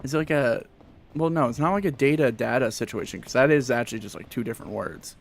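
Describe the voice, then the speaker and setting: A man's voice: medium pitch, animated, fast, vocal fry. A young man chatting casually while streaming a game, rambling with lots of fillers and answering chat. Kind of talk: casual gameplay livestream chat.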